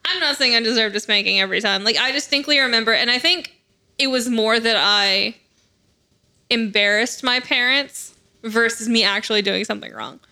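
Bright, chatty woman telling a story. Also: on the high side, moderate pace. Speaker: podcast co-host. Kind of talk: casual chat.

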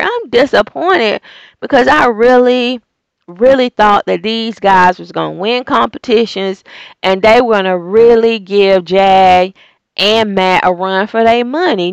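Sassy woman with a gravelly voice. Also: a little high, no room sound. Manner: sassy, exasperated, rhetorical questions. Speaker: reality TV recap vlogger. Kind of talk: casual opinionated recap.

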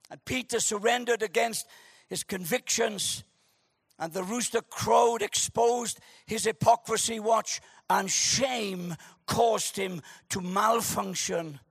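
An animated preacher with a high, bright voice who jokes and shouts to drive home each point. He takes his time, and the sound is dry and close. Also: slow, gravelly, breathy edge, no room sound. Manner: animated, joking, shouts for emphasis. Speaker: pastor. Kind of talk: sermon.

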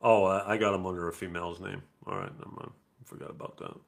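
A man's voice: sits low, very animated, fast, vocal fry. A middle-aged man hosting a live podcast, talking in a blunt, profane, casual way. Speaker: podcast host. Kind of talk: casual live-stream chat.

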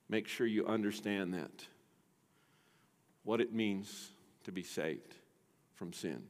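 An older man preaching a sermon, emphatic, asking rhetorical questions and swinging between loud and soft. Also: lowish voice. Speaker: pastor. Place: church sanctuary. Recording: long hall reverb.

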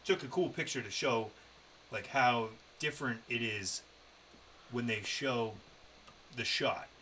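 A man's voice: medium pitch, slow pace, pushed and bright, a little hiss or hum, rough recording. A man co-hosting a podcast, telling a road-trip story in a loose, profane, casual way. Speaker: podcast co-host. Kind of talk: casual chat.

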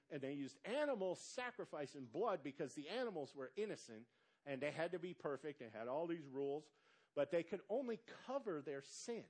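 Man, pastor, sermon, call-and-response, emphatic drawn-out words, high voice, swooping pitch. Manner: animated preaching with call-and-response questions to the congregation.

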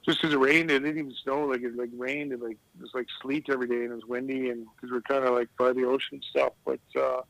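A man's voice: mid-range voice, level tone, quick pace, creaky, few pauses, fairly bright tone, dry recording, poor audio. A middle-aged man who used to play pro hockey, telling loose, rambling stories as a guest on a casual podcast and laughing at his own anecdotes. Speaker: guest, retired hockey player.

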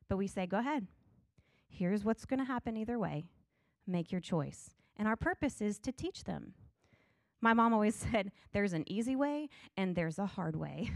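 A woman's voice: mid-range voice, no echo, studio quality. A middle-aged woman teaching a Bible study in an earnest, conversational way, reading scripture passages aloud.

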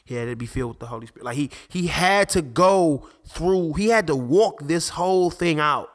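A man hosting a podcast, talking casually about faith and fatherhood, animated, with many restarts. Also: a little high, moderate pace. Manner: animated, restarts often, acts out conversations. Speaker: podcast host.

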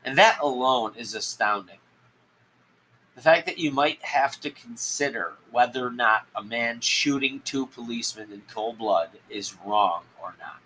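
A man hosting a solo podcast, talking in a rambling, halting way with many restarts. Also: mid-range voice, sharp tone, slight background noise, low-quality recording. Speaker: podcast host. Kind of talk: solo political commentary podcast.

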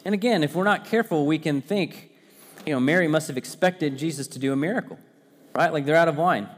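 A man in his thirties delivers a chatty sermon, weaving personal anecdotes into Bible teaching, with a slightly high-pitched voice. He stumbles and restarts often in a loose, conversational way. The sound rings with the long reverb of a large hall. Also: a little fast, breathy edge. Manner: conversational, anecdotal preaching with frequent fillers and restarts. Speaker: pastor.

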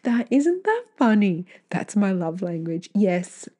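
Slow and sing-song, her warm mid-range voice carries this podcast host through emails she reads aloud. She reacts with blunt honesty, curses freely, and keeps drifting into rambling asides that she corrects as she goes.

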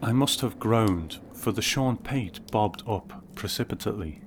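A man narrating a first-person story in a measured, wry way. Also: fairly low pitch, expressive, a little hiss or hum.

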